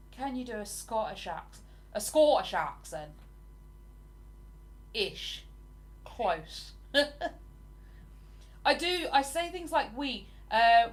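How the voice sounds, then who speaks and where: A woman's voice: a little high, very animated, takes it slowly, pauses often. An English woman in her forties, chatting casually with viewers on a livestream and answering their comments. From England. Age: 40s. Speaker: livestream host.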